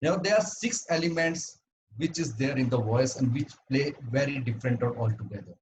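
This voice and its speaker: A man delivers a prepared talk over a video call, speaking at an ordinary pitch. He is earnest and halting, often stopping to restart a phrase. Faint noise sits under his voice. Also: low-quality recording. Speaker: club speaker. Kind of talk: prepared educational speech at an online meeting.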